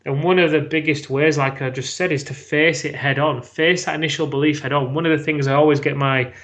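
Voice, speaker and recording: A man's voice: on the high side, fairly even intonation, brisk, a bit bright. A British man telling a personal story as a podcast guest, frank and swearing freely. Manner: frank, swears freely, acts out his own past words.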